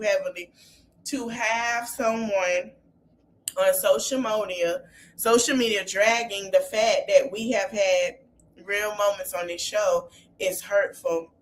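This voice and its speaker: A woman's voice: mid-range voice, a little hiss or hum. A woman hosting a podcast, recapping a reality show reunion in a chatty, gossipy way, with sassy asides. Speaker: podcast host.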